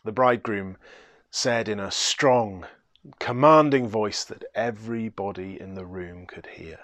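A man preaching, telling a story dramatically and swinging from hushed to loud. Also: lowish voice, measured pace, no room sound. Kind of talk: sermon storytelling.

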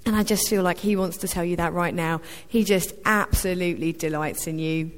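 A woman's voice: fairly low pitch, fairly even intonation, brisk. A woman sharing a prophetic word with her church in an informal testimony, hesitant and full of ums. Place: church hall. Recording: reverberant church hall.

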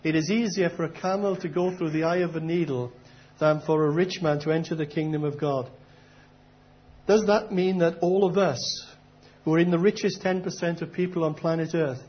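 A man's voice: a little high, dull audio. A middle-aged man preaching a sermon in an earnest, conversational way, raising question after question. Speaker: pastor.

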